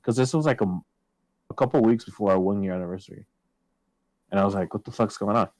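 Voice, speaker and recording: A man's voice: fairly low pitch, fast, no room sound, low-quality recording. A man telling a personal story in casual podcast chat, swearing often and acting out his own past lines. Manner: swears a lot, quotes himself loudly.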